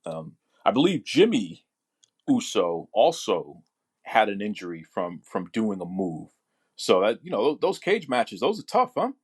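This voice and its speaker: A man's voice: lowish voice, sing-song, unhurried, slightly rough. A man hosting a wrestling podcast, talking eagerly as a fan and often restarting his words. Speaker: podcast host. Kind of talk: casual podcast chat.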